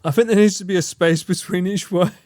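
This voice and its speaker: A man's voice: high-pitched, steady tone, fairly quick, a little mellow, no room sound, clean studio sound. Mock-outraged young male streamer. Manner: mock-outraged, teasing, swears freely. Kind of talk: casual live-stream chat.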